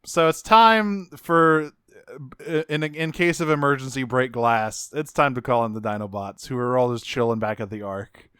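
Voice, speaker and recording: Smooth-voiced man recapping a cartoon. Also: mid-range voice, normal speed, no room sound, studio quality. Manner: animated, swears a lot, acts out quotes in jokey voices. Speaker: podcast co-host. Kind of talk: casual chat recapping a cartoon.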